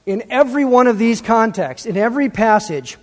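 A man preaching a sermon, animated and full of rhetorical questions, swinging between loud and soft. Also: very high-pitched, brisk. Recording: long reverb.

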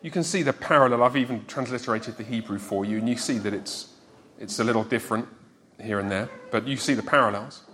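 A man's voice: mid-range voice, fast talker, a bit bright, slight background noise. A man preaching a teaching sermon to a congregation, emphatic and quizzing his listeners as he explains scripture.

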